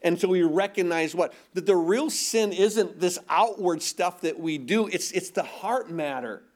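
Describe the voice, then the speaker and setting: Emphatic preacher with a high voice. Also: male voice, a little slow, darkish tone. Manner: rhetorical questions, repeated words, emphatic. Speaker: pastor. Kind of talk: sermon.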